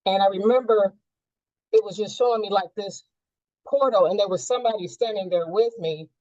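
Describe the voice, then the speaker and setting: A woman's voice: mid-range voice, brisk, a little mellow, no echo, muffled recording. A woman sharing a personal experience in a group coaching session, reflective and searching, with many fillers.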